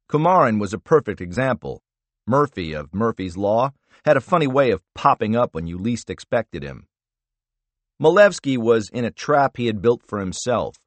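A man reading a thriller audiobook in an expressive, measured narration style. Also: mid-range voice, dry recording.

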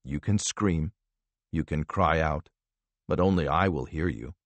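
A man doing a soft-spoken, menacing interrogator. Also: very deep voice, dry recording, voice pushed down. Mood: quiet threat. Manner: soft, slow, quietly threatening. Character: calm, menacing male interrogator.

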